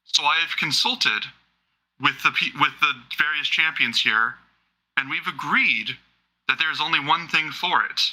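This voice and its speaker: A man voicing a king who addresses his arena crowd in a slow, showy way. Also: a little high, sharp tone, rough recording. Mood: grand. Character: grandstanding male king hosting games.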